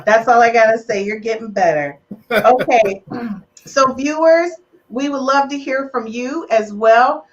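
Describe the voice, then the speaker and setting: A woman's voice: a little high, measured pace, highs cut off, slight background noise. A woman hosting a live relationship podcast, teasing her guests and getting emotional. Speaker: podcast host.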